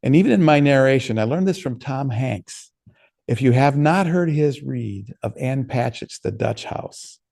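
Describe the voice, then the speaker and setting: A man's voice: medium pitch, gravelly, a little mellow. A man, an author, giving a casual workshop talk and answering questions, telling stories in a conversational way with frequent restarts.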